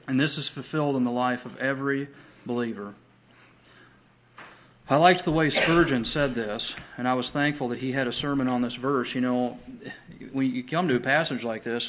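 An earnest male pastor delivering a sermon in a church, his voice sitting at an ordinary middle pitch. He slows and swells when he reads scripture aloud. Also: a bit bright, low-quality recording. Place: church sanctuary.

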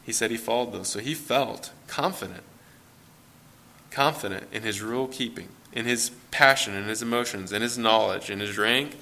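A man's voice: fairly low pitch, bright, forceful tone. A man preaching an earnest sermon, explaining scripture and acting out quoted voices with rising emphasis.

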